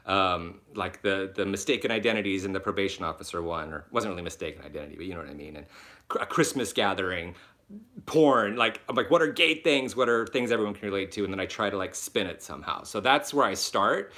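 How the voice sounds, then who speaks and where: A man hosts a live stream from home, reading out viewers' comments and answering them in a chatty, animated way, with quick asides and self-mocking laughs. His voice sits on the low side but has a bright, forward edge. He is a little under the weather, and he talks into a laptop mic. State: a little sick. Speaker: web series creator and host. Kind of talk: live Q&A stream, casual chat.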